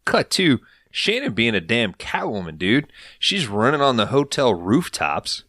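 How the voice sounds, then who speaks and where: A man hosting a podcast, recapping an episode in an animated, casual storytelling way with a lot of swearing. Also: medium pitch, measured pace, dry recording, studio quality. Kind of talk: casual chat.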